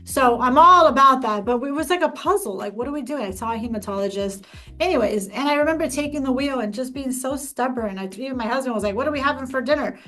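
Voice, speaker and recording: Woman host, animated emphatic storyteller, faint music bed. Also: sits high, fast talker. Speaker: podcast host. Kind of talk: personal story in casual conversation.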